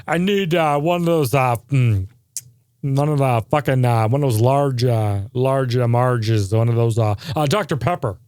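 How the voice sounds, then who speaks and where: A man's voice: mid-range voice, normal speed, a little mellow, smooth, dry recording, clean studio sound, natural voice. A man voicing a bumbling male drive-thru customer who mumbles his order through endless ums and uhs and swears. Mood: fumbling.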